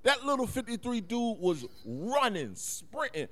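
Animated man telling a story. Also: fairly high pitch, moderate pace. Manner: animated storytelling, profane slang, frequent laughs. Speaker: podcast co-host. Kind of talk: casual chat.

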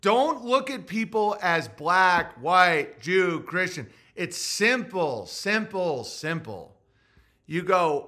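A man hosting his own show in a loose, rambling comic rant, profane and provocative throughout. His voice sits high for a man and sounds bright and forceful. He doubles back mid-sentence and piles on jokes. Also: very animated, slow pace. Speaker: podcast host.

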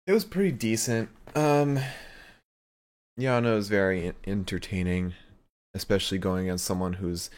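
Low-voiced man in casual podcast chat. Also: moderate pace, smooth. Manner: relaxed, hesitant with fillers. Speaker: podcast co-host. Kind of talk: casual chat recapping wrestling.

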